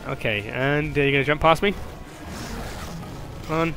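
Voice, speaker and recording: Young male gamer, bright high voice, jumpy and jokey, shrieks mid-fight. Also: measured pace, long pauses, a little hiss or hum. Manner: excitable, yelping and laughing, swings from mutters to shrieks; joking, rambling banter at the game's monster. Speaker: gameplay commentator. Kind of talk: live gameplay commentary.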